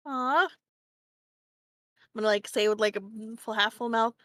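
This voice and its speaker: A woman's voice: fairly high pitch, moderate pace, pauses often, fairly bright tone, smooth, dry recording, studio quality. A woman playing a tabletop game, speaking in character with playful, eager questions. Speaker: player.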